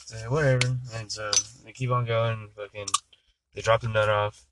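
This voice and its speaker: A man's voice: fairly low pitch, level tone, moderate pace, heavy background noise. A man co-hosting a casual podcast who tells jokes in a rambling, profane way with many fillers. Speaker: podcast co-host. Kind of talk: casual chat and joke telling.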